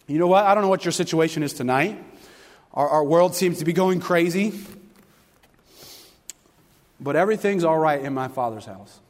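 A man preaching a sermon to a congregation, telling stories with animated, fervent delivery. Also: fairly high pitch, moderate pace, long pauses. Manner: animated storytelling, rising to loud fervent passages. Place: church sanctuary. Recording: long hall reverb.

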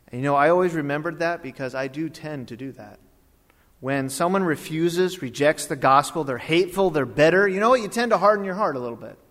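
A man preaching a sermon as pastor, animated and swinging between loud bursts and hushed asides. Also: on the high side. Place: church auditorium. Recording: long reverb of a church hall.

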